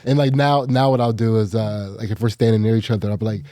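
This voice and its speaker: A man with a mellow, warm voice rambles easily through family stories on a podcast. It is dry and close-miked. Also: fairly low pitch, flat delivery, fast, dry recording. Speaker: podcast co-host. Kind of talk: casual comedic chat.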